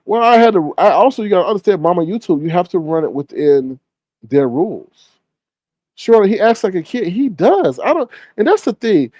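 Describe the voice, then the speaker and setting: A man's voice: high-pitched, big pitch swings, brisk, dark tone, dry recording. A man hosting a livestream, chatting casually and gossiping in a sassy way while reading the chat. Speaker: livestream host.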